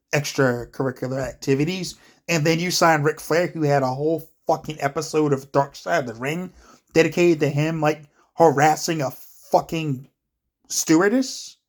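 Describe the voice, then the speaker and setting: A man's voice: a little high, a little mellow. A man talking to camera in a casual, profane rant, exasperated and rambling with lots of filler words. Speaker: wrestling commentary vlogger. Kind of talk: casual ranting commentary.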